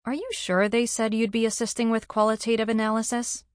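A woman narrator voicing a quirky, candid young woman analyst who says her thoughts out loud, a little flustered. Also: fairly high pitch, flat delivery, brisk, no echo, studio quality, pitched above the performer's own voice, lightly acted.

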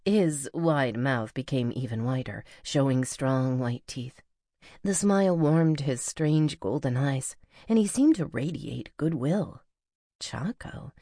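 A woman narrating a novel as an audiobook reader, in a measured, even storytelling manner. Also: rumbling low, no echo, studio quality. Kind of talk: scripted narration.

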